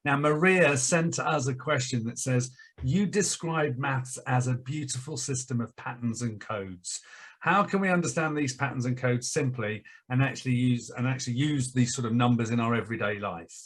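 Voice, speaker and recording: A man's voice: mid-range voice, moderate pace. A man hosting an interview, asking encouraging questions. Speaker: interview host. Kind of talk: interview conversation.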